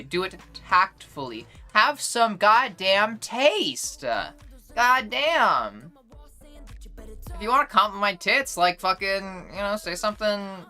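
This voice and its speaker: A woman's voice: on the low side, bright, forceful tone. A young woman streamer chatting casually with her chat, rambling and blunt, swearing often and full of fillers and restarts.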